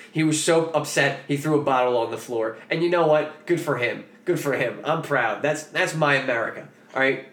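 A man's voice: on the high side, fairly bright tone, roomy sound. A man hosting a podcast, telling a story in a loose, profane, joking way. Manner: loose, profane, jokey storytelling with acted quotes. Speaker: podcast host. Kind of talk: casual storytelling chat.

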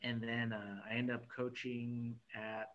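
A man's voice: mid-range voice, little pitch movement, unhurried, dull audio. A young man from California's Central Valley, a podcast guest talking in a loose, rambling way and laughing often. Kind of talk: casual chat.

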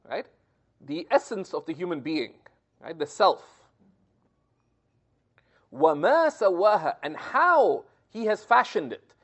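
A man teaching a scripture commentary lesson, explaining step by step and often checking in with "right?". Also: high-pitched. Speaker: religious teacher.

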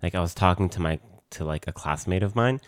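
A young man co-hosting a podcast, chatting casually and quick to clarify and reframe points. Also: low-pitched, no room sound, clean studio sound. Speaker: podcast co-host. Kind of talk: casual chat.

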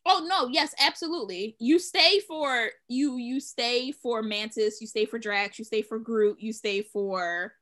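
A woman co-hosting a podcast in casual chat, laughing often and chiming in with quick quips. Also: fairly high pitch, a bit bright. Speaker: podcast co-host.

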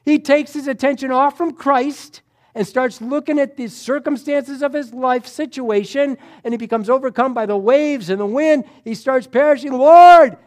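A middle-aged man preaching a sermon, acting out scripture scenes with sudden swings between loud and soft. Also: very high voice, moderate pace. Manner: animated, acts out Bible dialogue with sudden loud and soft swings.

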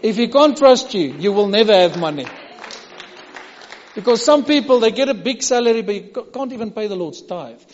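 A South African man preaches with a high, ringing voice, pressing his points over and over and sometimes sinking to a near whisper. The sound is muffled and dull, with a long echo from a large church hall. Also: animated, moderate pace, a little hiss or hum. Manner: emphatic, repetitive preaching with sudden drops to a hush. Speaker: pastor. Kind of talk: sermon.

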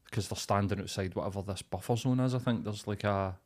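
A young man with a Glaswegian accent talks in a blunt, sweary rant. His voice sits somewhat low in pitch. The talk is loose and casual, the way podcast co-hosts chat. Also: quick pace, a little mellow. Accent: Glaswegian Scottish. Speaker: podcast co-host.

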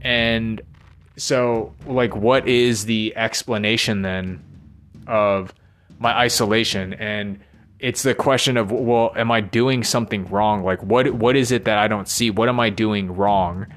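A man talking through his frustrations in a rambling personal monologue, weary and halting, with frequent swearing. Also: lowish voice, fairly even intonation, a bit bright. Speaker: vlogger.

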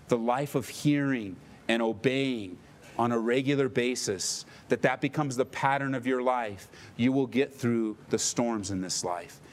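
Male preacher, sermon delivery, voice on the high side, emphatic, rhetorical questions. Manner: emphatic, rising for stress and dropping low for solemn lines; asks the listeners rhetorical questions. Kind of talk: expository sermon.

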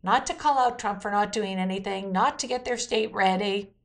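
A woman's voice: mid-range voice, normal speed. Woman reading a weekly news roundup. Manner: reads quotes aloud, adds blunt opinion asides. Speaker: news commentary host.

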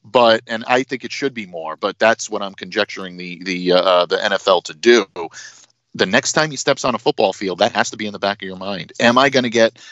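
A man co-hosts a sports talk podcast, speaking in a measured way and thinking out loud as he goes. His voice sits on the low side, heard on a dry, dull recording with no room sound. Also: no echo. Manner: measured, thinking aloud with fillers. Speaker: podcast co-host.

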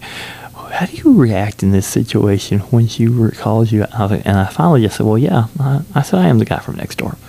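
A man telling a rambling, amused story about a trip in a casual vlog, with lots of fillers and restarts, sometimes dropping into a hushed whisper. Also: on the low side, gravelly. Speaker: solo traveler telling a story.

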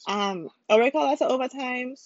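In a casual solo podcast, a Caribbean woman jokes, rambles and apologizes in passing. Her voice sits high and she talks at a normal speed. The home recording is dull, lo-fi and dry, with a little hiss or hum.

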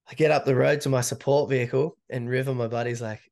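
A man's voice: medium pitch, fast, gravelly, few pauses, a little mellow. A man, a podcast guest telling a candid, swearing story and acting out the quotes. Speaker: podcast guest, ultra runner. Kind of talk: casual storytelling.

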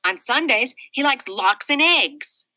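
A schoolboy chimes in matter-of-factly in a storybook reading, as a woman puts him on. The voice is bright and a little high, and it sounds dry. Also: expressive, takes it slowly, dry recording, heavily acted, poor audio. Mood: plain. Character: helpful schoolboy, matter-of-fact.

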